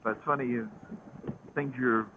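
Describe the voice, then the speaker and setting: A man's voice: mid-range voice, fairly even intonation, a little slow. A man from the American South chatting casually with his wife while riding, rambling and searching for words mid-sentence. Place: outdoors on a moving roadster. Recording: tinny phone-like headset audio with light noise.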